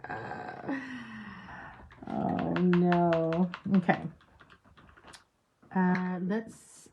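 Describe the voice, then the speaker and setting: A woman chats casually while she paints on a livestream, slipping into murmured whispers as she concentrates. Her voice sits a little low. The audio is dull and lo-fi, with a faint hiss underneath. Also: flat delivery, very slow. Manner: chatty, drops to murmured whispers while working.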